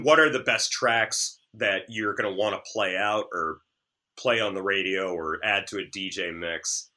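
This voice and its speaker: A man who works as a DJ, chatting as a podcast guest, animated and sarcastic, often stammering as he restarts sentences. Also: on the low side. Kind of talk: casual chat.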